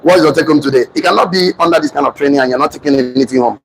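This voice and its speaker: A man with a Nigerian accent giving a loud, fervent motivational speech to a live audience, repeating phrases like a preacher. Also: a little high, very fast, low-quality recording. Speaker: motivational speaker and business trainer. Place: training hall with a live audience.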